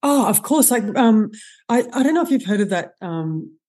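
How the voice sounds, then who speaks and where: A woman, a guest expert on stress, explaining with animated enthusiasm in a podcast interview. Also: on the high side, moderate pace. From Australia.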